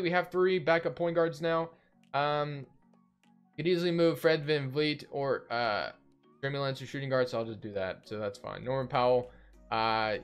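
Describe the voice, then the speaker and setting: A young man casually commentating his basketball video game, rambling and thinking aloud with lots of fillers. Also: a little high. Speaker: gaming video host.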